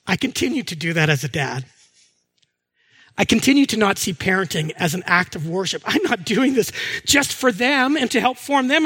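High, bright-voiced male pastor. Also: sing-song, moderate pace, slightly rough. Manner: storytelling, acts out anecdotes with voices. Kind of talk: sermon.

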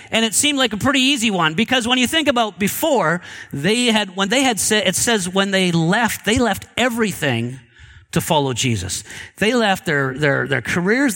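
A man's voice: sits high, sharp tone. A man preaching a sermon in a casual, chatty way, asking his audience questions. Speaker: pastor.

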